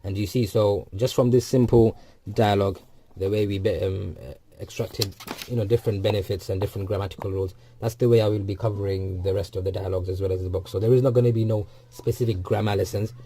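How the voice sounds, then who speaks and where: Low mellow-voiced man teaching a lesson. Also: steady tone, quick pace. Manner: explains step by step, repeats phrases, frequent ums. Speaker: Arabic teacher. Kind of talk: recorded textbook lesson.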